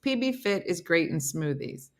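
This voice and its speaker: A woman's voice: lowish voice, very animated, moderate pace. A middle-aged woman hosting a casual live stream, reading viewer comments aloud with playful, laughing asides.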